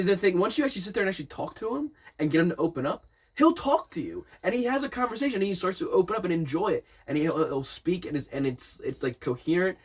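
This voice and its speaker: A young man in casual chat, telling a party story in a rambling, profane, animated way, full of restarts and quoted dialogue. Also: a little high, husky.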